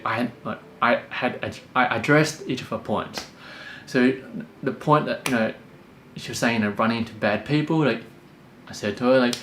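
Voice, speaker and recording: A young Australian man calmly telling a personal story, full of fillers and restarts. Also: mid-range voice, slight background noise. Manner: calm, many fillers and restarts. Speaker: podcast host. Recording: echoey room with faint music.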